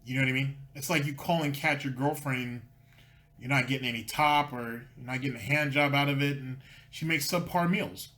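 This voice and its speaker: A man's voice: medium pitch, brisk, sharp tone. A man hosting a reaction commentary, sarcastic and needling, rambling as he mocks. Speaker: commentary host.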